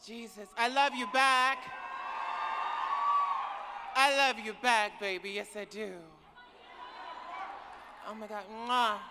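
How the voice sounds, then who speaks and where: A woman's voice: a little high, fairly even intonation, slow, pauses often. Woman, keynote speech, effusive, repeats words, cheering crowd, noisy hall. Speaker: keynote speaker. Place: large conference hall with live audience. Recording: echoey hall from far off, loud crowd.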